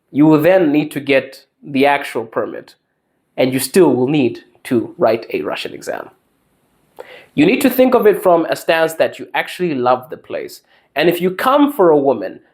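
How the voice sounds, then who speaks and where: Male podcast host, slightly high, very animated pitch, emphatic and preachy. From Zimbabwe. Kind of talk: advice monologue.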